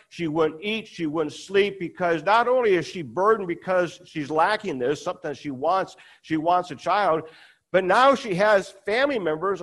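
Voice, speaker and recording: A man preaching a conversational sermon, retelling a scripture story and acting out the quoted lines. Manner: conversational, acts out quoted dialogue with rising pitch.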